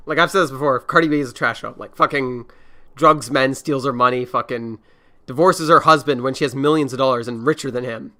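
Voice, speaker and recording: A man's voice: mid-range voice, a little fast, pushed and bright. A man hosting a casual reaction podcast, rambling and swearing freely. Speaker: podcast host.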